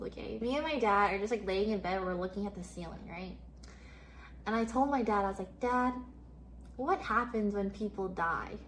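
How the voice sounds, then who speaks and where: A woman's voice: fairly high pitch, fairly bright tone, a little hiss or hum. A young woman streamer in her twenties telling stories in a casual chat, giggling often and swearing casually.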